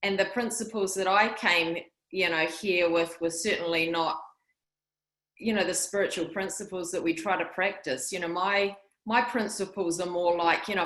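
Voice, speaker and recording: A woman's voice: lowish voice, fairly bright tone. A woman with a New Zealand accent sharing at a recovery meeting on a video call, chatty and wry about herself. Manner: chatty, wry self-deprecating humor. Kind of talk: personal share at a meeting. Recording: echoey room.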